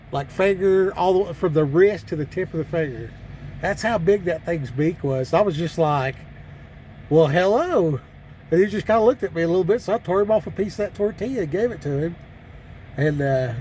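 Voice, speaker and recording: A man's voice: a little high, darkish tone, a little hiss or hum. A man telling rambling, folksy stories in a drawling country way, full of fillers and restarts, for his vlog from a truck cab parked up on a mountain pass. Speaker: truck driver vlogger. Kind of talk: casual storytelling vlog.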